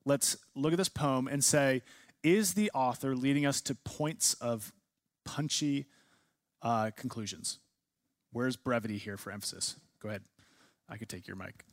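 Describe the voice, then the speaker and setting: A man's voice: medium pitch, measured pace, no echo, clean studio sound. A man teaching a class, leading a discussion and asking students many questions. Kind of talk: classroom lecture.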